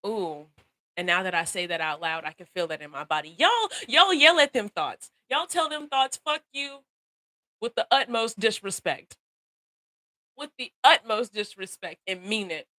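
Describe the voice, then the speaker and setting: A young woman talks live on her phone to her viewers, chatty and encouraging, often laughing and repeating lines to drive a point home. Her voice is bright and sharp. The sound is dry and close, with no room echo. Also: medium pitch, normal speed. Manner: animated, laughs often, greets viewers by name, repeats phrases for emphasis. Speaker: livestream host. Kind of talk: casual motivational live stream talk.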